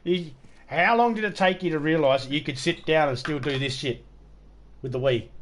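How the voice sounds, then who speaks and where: During a relaxed game stream, a middle-aged man banters, swears without restraint, and meanders through anecdotes. He speaks a little high and a bit bright, at a moderate pace.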